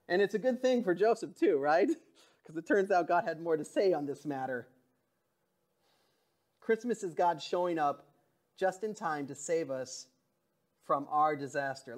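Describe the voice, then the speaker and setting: A man preaching a sermon in a church, talking in an earnest, conversational way that often drops to a soft, quiet voice. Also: a little high. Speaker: pastor.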